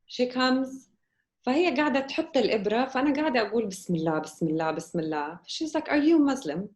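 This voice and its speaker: A woman guest on a podcast telling a personal story in lively conversation and acting out the dialogue as she goes. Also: on the high side, very fast. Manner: animated, acts out quoted dialogue.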